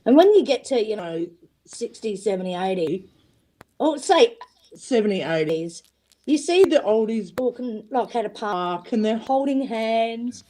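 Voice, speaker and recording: Lively, blunt-talking woman. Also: on the high side, measured pace, poor audio. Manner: animated, blunt, swears freely. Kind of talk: casual panel chat.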